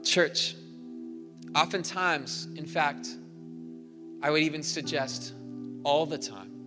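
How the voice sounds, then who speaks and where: A man's voice: on the high side, slow. Earnest male pastor preaching in a hall. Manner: earnest, builds to emphatic repeated phrases. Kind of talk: sermon. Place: large church hall. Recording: live church hall reverb with soft instrumental music.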